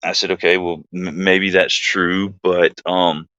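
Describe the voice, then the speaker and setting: Low-voiced guy rambling through a war story on stream, bright tone, dry dull lo-fi sound. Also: level tone, unhurried, no echo. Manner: rambling, filler-heavy anecdote with asides to chat. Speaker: livestream host, army veteran. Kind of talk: casual storytelling.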